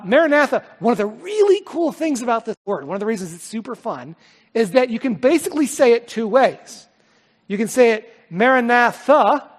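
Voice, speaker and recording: A man's voice: high-pitched, big-room sound. A man preaching as pastor to a church congregation, enthusiastic and conversational, with fillers and repeated words. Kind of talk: sermon.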